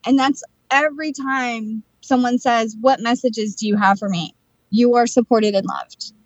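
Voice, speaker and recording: A woman co-hosting a podcast, telling stories in a chatty, animated way about her work as a psychic and channeler. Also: a little high, unhurried, no room sound, highs cut off. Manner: chatty storyteller, animated retelling of conversations. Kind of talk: casual chat.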